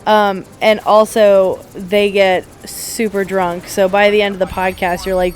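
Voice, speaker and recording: A woman speaks at a measured pace in a mid-range voice with little pitch movement. She co-hosts a gaming podcast, chatting loosely through a game playthrough and retelling stories with quotes she acts out.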